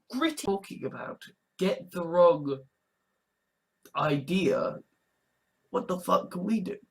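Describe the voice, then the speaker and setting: A woman vlogging, ranting bluntly and swearing constantly as she comments. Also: medium pitch. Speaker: video blogger.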